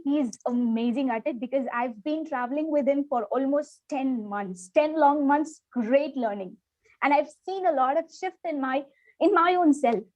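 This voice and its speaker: A woman's voice: high voice, dry recording, highs cut off. A woman speaking earnestly at an online club meeting, persuasive and repeating key phrases for emphasis. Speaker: club member promoting a workshop.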